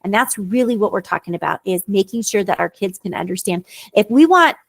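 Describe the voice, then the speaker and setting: A woman's voice: mid-range voice, lively intonation, a little fast, creaky, no room sound. A woman tutor co-hosting a casual chat about reading, earnest and explanatory. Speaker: tutor and podcast co-host.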